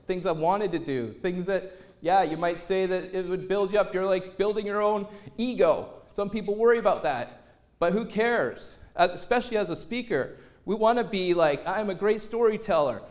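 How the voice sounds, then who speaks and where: A man with a fairly high voice speaks on stage as a motivational speaker. He tells a personal story with lively timing and slips into other voices for the lines he quotes. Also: moderate pace.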